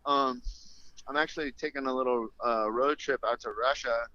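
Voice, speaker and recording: A man in his thirties, an MMA fighter guest on a remote call, telling stories in an animated, profane way and acting out the voices in them. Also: mid-range voice, moderate pace, dry recording. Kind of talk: casual storytelling interview. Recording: dull call audio.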